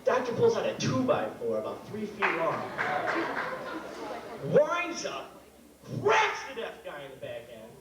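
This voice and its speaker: A man's voice: high-pitched, wildly swooping pitch, measured pace, long pauses. A young man in his late teens emceeing a school variety show, telling a joke and acting out the voices in it. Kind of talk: stage comedy banter and joke telling. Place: school auditorium stage. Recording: echoey hall from far off, noisy.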